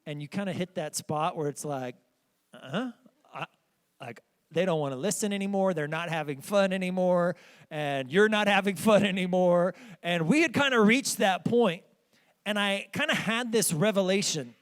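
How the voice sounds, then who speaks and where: High-voiced pastor telling a story. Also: male voice, moderate pace. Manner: conversational, addresses congregation directly. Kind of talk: storytelling sermon. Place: church sanctuary.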